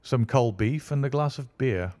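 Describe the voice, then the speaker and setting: A man voicing a brisk, confident male schemer who speaks in a clipped, matter-of-fact way. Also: medium pitch, dark tone, no room sound, lightly acted.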